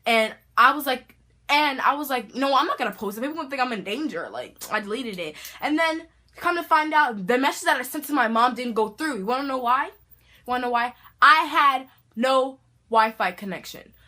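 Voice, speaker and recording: A teenage girl vlogger telling a storytime tale in a dramatic, animated way, full of slang. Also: high voice, moderate pace. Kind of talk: storytime vlog.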